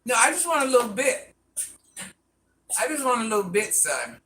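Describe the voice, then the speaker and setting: A man's voice: extremely high pitch, sing-song, moderate pace, sharp tone. A man rambling through a casual live stream, answering viewer comments and talking to people off camera in a folksy way.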